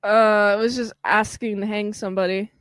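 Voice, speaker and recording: A woman co-hosting a podcast, chatting casually about a film and acting out the characters' lines in quick voices. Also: medium pitch, flat delivery, a bit bright, smooth, no room sound. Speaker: podcast co-host. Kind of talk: casual chat recapping a film.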